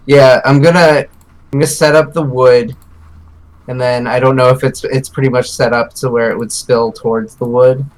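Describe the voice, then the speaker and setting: Dude playing a tabletop rpg, mid pitched, laid back, lots of likes. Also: male voice, steady tone, moderate pace, low-quality recording. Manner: casual, laughing, filler-heavy. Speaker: player. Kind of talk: playing a tabletop role-playing game.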